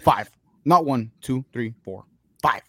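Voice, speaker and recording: A man's voice: medium pitch, expressive, takes it slowly, bright, forceful tone, husky, dry recording. A man on a sports podcast arguing in a blunt, insistent, profane way. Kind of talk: casual sports podcast banter.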